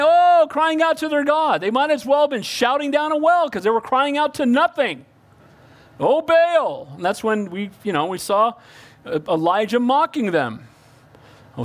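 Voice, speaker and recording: A man preaching a sermon, calling out for amens and swinging between loud emphasis and hushed pleading. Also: very high voice. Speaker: pastor.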